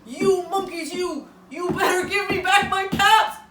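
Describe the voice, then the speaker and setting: A woman voicing an angry male cap peddler who shouts demands and gasps broadly in a storybook act-out. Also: on the high side, measured pace, echoey room, background noise, lightly acted.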